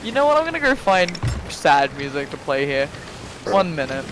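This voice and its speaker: A man chatting casually over an online voice call, animated and rambling, with frequent restarts. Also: a little high, moderate pace, background noise. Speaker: guest reading fan fiction aloud. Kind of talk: casual voice-chat banter. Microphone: desk mic on a voice call.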